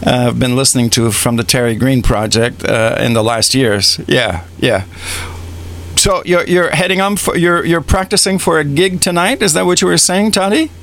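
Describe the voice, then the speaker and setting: A male radio host with a mid-pitched voice, chatting with guests. He is enthusiastic but halting, often breaking off and restarting his sentences. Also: vocal fry, fairly bright tone. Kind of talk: casual radio interview chat.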